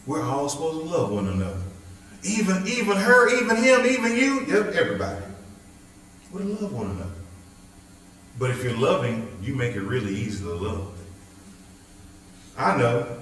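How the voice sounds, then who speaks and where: A man's voice: on the high side, normal speed, long pauses, far from the mic. A man, a pastor leading a Bible study, preaching conversationally and teasing his listeners with jokes. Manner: joking, lively, teasing the audience. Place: church hall. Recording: very echoey hall, voice off-mic.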